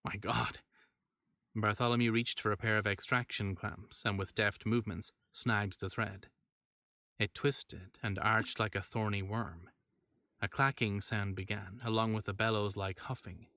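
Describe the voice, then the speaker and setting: A man reading a horror story aloud in steady narration, with wry asides. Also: fairly low pitch, normal speed, dry recording.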